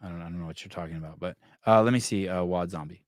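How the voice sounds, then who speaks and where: A man's voice: low-pitched, racing, hardly any pauses, a little mellow, dry recording, studio quality. A man hosting a podcast in casual chat, reading live comments and ranting in a rambling, profane way with many restarts. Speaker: podcast host.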